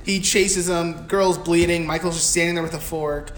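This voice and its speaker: A young man co-hosting a podcast, recapping a film in a loud, profane, animated way and slipping into voices for the characters. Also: a little high, normal speed, soft background music. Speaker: podcast co-host. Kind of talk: casual chat recapping a film. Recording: echoey room with faint noise.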